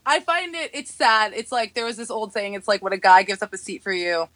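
A young woman from New York telling stories in a casual podcast chat, animated and acting out the people she quotes. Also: mid-range voice, a little fast, no echo. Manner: animated storytelling, acting out others in quoted voices, laughing often. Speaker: podcast guest.

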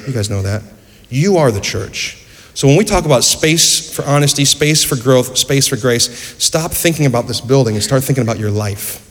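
A man preaching a sermon in a church, earnest storytelling with rhetorical questions. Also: mid-range voice. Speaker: pastor. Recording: echoey church hall.

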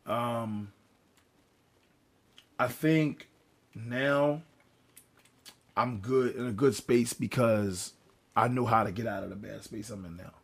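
A man with a hoarse, worn-out voice talking candidly on a casual podcast. He is open and reflective, swears freely and repeats words for emphasis. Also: medium pitch, slow pace, pauses often. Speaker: podcast co-host.

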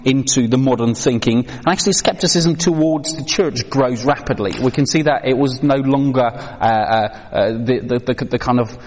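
A man's voice: mid-range voice, moderate pace, hardly any pauses. A man giving a training talk on children's faith to a live audience, conversational with many fillers and questions to the room. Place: hall with an audience. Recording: reverberant hall.

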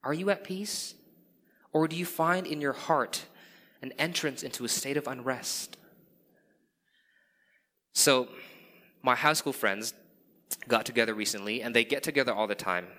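A man's voice: medium pitch, moderate pace, pauses often, sharp tone. A man, a pastor preaching a sermon in an earnest way and telling candid stories on himself. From Indonesia. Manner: earnest, with candid self-deprecating storytelling. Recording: reverberant hall.

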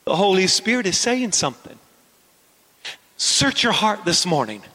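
A pastor preaches to his congregation in a high, bright voice, tossing them questions as he goes. His voice rings through a church with a long reverb tail. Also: very animated, measured pace. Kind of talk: sermon.

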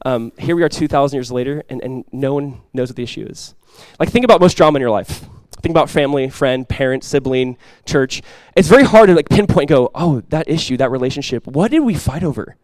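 A male pastor preaching a sermon in a relaxed, conversational way, full of fillers and asides. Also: mid-range voice, a little fast, no room sound, low-quality recording.

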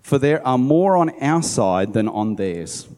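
A man reading the words of a calm, bold prophet who prays aloud, with long hall reverb. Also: medium pitch, unhurried. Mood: reassuring.

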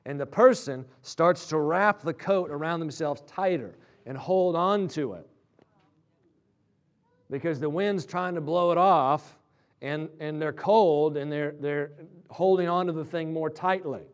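Male pastor, sermon, slightly high voice, storytelling, climbs in pitch and volume at climaxes.

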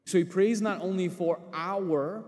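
A man's voice: sits high, measured pace, a little mellow, long reverb tail. A man preaching a sermon in a conversational, storytelling way. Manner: storytelling with acted quotes, conversational.

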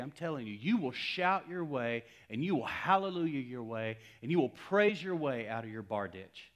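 A man's voice: medium pitch, animated, moderate pace, few pauses. Dramatic preacher man. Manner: storytelling preacher swinging from loud exclamations to hushed near-whispers. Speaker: pastor. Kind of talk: sermon.

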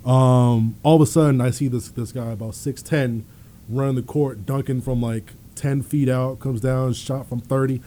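A man's voice: mid-range voice, moderate pace. A man in his thirties, a former college basketball player, telling stories in a studio chat, laughing often and acting out the people he quotes. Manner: animated storyteller, laughs often, acts out quoted voices. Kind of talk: casual storytelling.

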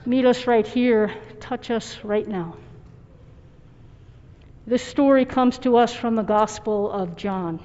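A woman's voice: a little high, slow pace, pauses often, mellow. A woman pastor giving a sermon in an earnest, reflective and personal way. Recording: dull recording with long hall reverb.

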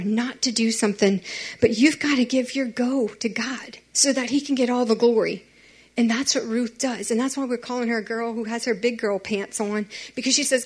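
A young woman delivers a youth sermon in a slightly high voice. She is chatty and animated and speaks directly to the teenagers in the room.

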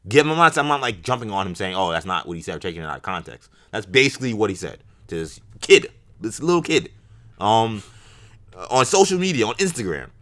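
Man, low pitch, bright tone, podcast co-host, casual sports talk, rambling with restarts. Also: sing-song, brisk. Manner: rambling, many fillers and restarts.

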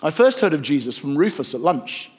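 A man narrating a rhyming story in a gentle, rhythmic storytelling manner. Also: a little high, sing-song, a little fast, breathy edge.

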